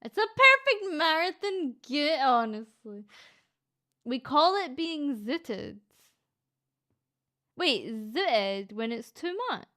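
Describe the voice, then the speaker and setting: Chatty Scottish woman streaming, slightly high voice. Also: very animated, sharp tone. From Scotland. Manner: chatty, playful, swears casually, quick to laugh. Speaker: VTuber streamer reading chat. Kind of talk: casual live-stream chat.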